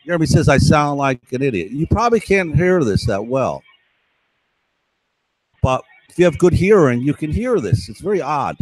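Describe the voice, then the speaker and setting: A man's voice: on the high side, sing-song, moderate pace, no room sound, low-quality recording. Aggrieved, rambling man, dry sound. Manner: rambling, insistent, keeps asking "right?"; aggrieved, conspiratorial tone. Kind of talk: casual monologue to camera.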